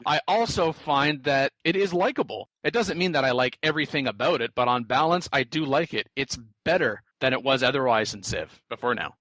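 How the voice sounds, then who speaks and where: Bright, sarcastic man on a podcast. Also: medium pitch, lively intonation, a little fast, few pauses, dry recording, poor audio. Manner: sarcastic, long-winded. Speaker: podcast host. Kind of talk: casual panel chat.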